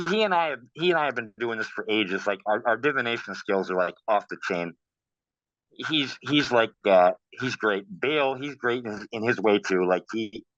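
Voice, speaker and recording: A man talking casually in an interview, telling stories in a lively way and saying "man" and "bro" a lot. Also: on the low side, no room sound. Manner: animated storytelling, says "man" and "bro". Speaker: guest practitioner. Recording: dull, dry sound.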